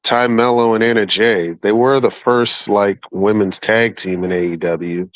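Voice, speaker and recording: A man's voice: lowish voice, a little slow, no echo, low-quality recording. A man co-hosting a wrestling podcast, talking casually and with some swearing. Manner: laid-back, profane, informative. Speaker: podcast co-host. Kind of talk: casual chat.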